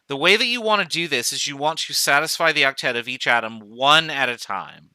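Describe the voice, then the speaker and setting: Man, chemistry professor, recorded lecture, very bright voice, dry close mic. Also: medium pitch, animated, a little fast, clear, resonant tone, no echo. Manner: talks through steps aloud, counting dots, with self-corrections.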